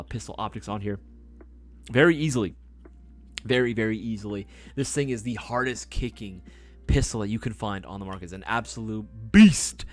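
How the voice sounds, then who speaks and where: A man hosting a casual livestream, chatty and hyped, reading viewer comments aloud and swearing casually. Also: lowish voice. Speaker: livestream host.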